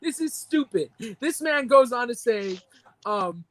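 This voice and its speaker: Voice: medium pitch, animated, measured pace, fairly bright tone, no room sound, poor audio. A young adult podcast co-host giving a heated, profane, indignant rant about a movie review. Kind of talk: ranting movie-review reaction.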